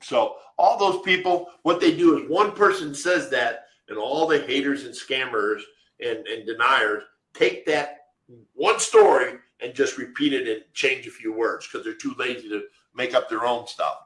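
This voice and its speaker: A man's voice: mid-range voice, unhurried, a bit bright, roomy sound, rough recording. A man co-hosting a live webinar, answering viewer questions from the chat in an emphatic, direct way. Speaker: webinar co-host.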